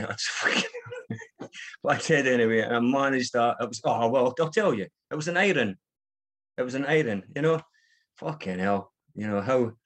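A middle-aged man, giving a candid, rambling personal recovery share full of fillers and restarts. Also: fairly low pitch. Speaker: recovery meeting speaker.

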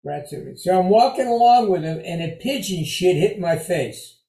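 An older man telling a personal recovery story in an animated, conversational way, repeating phrases for emphasis. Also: high-pitched, moderate pace, gravelly, echoey room, poor audio.

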